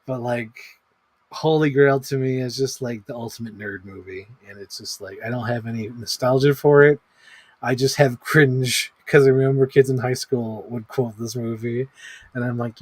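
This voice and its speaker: A man's voice: medium pitch, slightly rough, dry recording. A man in his thirties chatting casually on a livestream as he ranks movies, rambling, swearing freely and filling his talk with "like". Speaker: movie ranking streamer.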